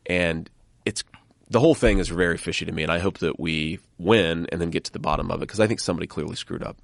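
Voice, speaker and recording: A middle-aged man chatting as a guest, halting and often repeating his words. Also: low-pitched, gravelly, no room sound, clean studio sound. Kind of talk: casual conversation.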